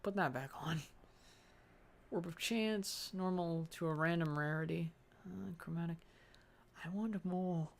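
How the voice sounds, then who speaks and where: In a laid-back let's-play, a young gaming host talks through his own play, rambling and cracking jokes to himself. He speaks a little high, at a measured pace with vocal fry, pausing often.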